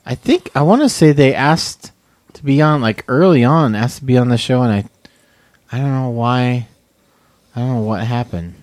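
A man's voice: medium pitch, expressive, moderate pace, a little mellow, dry recording. Chatty male podcast host, dry sound. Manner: chatty, laughs easily. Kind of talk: casual chat.

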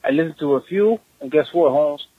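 A man's voice: fairly high pitch, a little fast, a little hiss or hum. A man leaving a slangy voicemail for a podcast, ending his lines with "eh". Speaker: voicemail caller. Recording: tinny phone voicemail.

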